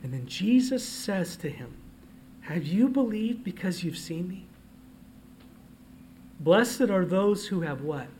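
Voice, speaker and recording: A man preaching a sermon as pastor. He moves from quiet asides to loud, emphatic declarations and reads scripture aloud. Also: high voice, expressive, slow, long pauses, a little hiss or hum.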